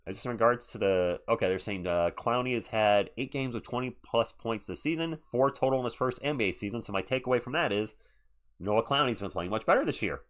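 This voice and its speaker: An animated male streamer with a mid-range voice mixes quick play calls with relaxed banter, stopping to answer his chat in between.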